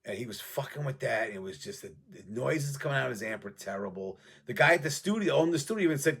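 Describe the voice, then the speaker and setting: A man's voice: mid-range voice, expressive, quick pace, hardly any pauses, a bit bright, husky. A man rambling casually about his past, profane and offhand, trading memories as he goes. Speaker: music show host.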